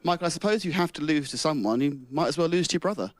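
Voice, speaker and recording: A man conducting a post-race podium interview, asking brisk and jokey questions. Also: a little high, animated.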